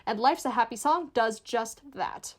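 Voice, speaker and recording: A woman reading a scripted video essay in a clear, measured, explanatory way. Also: a little high, lively intonation. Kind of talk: scripted narration.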